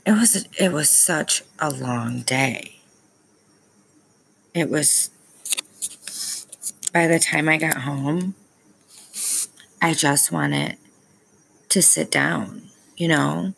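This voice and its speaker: A woman's voice: low-pitched, lively intonation, very slow, creaky, long pauses, fairly bright tone, a little hiss or hum, low-quality recording. A young woman, a parent, talking candidly to her viewers in a rambling vlog, with plenty of ums and self-aware asides. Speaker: parent vlogger.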